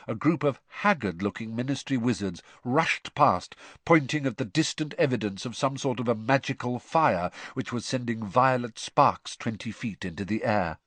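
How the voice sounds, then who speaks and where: A man's voice: mid-range voice, no echo. A man narrating a novel in an audiobook reading, telling the story expressively. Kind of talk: scripted narration.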